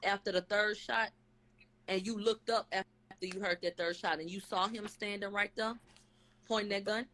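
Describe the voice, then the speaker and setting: Woman vlogger, casual recap, blunt and profane, average pitch. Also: fairly even intonation, moderate pace, bright, forceful tone, slight background noise. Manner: blunt, profane, slangy, quotes testimony in acted voices. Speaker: vlogger recapping a court case.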